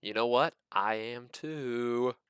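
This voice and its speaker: A man's voice: mid-range voice, slow, a bit bright, smooth, no echo, clean studio sound. A man hosting a casual stock market video, full of joking, incredulous asides. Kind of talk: casual commentary.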